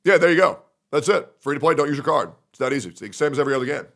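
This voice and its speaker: A man's voice: fairly high pitch, animated, very fast, fairly bright tone. A young man streaming live, ranting at his chat in a heated, argumentative way and swearing often. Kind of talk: livestream rant to chat.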